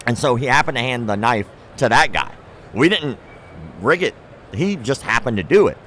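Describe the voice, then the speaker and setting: A young man telling a lively story as an interview guest, slipping into quick voices for the people he quotes and cursing casually. His voice sits mid-range, and faint outdoor traffic hums behind him. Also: mid-range voice. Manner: animated storyteller who acts out quoted people, swears freely. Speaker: martial arts content creator, guest. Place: outdoors at a trade show.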